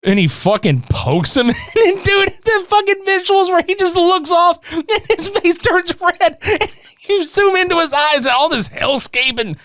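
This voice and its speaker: A man's voice: very high voice, animated, unhurried, fairly bright tone, dry recording, studio quality. A man co-hosting a podcast in casual, profane film chat, acting out scenes in funny voices. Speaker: podcast co-host.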